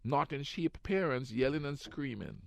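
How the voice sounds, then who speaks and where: A man co-hosting a radio show, ranting in a relaxed, chatty way. His voice sits mid-height and swings widely as he acts out the people in his stories. The sound is dry and close. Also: moderate pace, vocal fry, no room sound. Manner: animated storyteller, acts out quotes in high voices. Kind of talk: casual ranting chat.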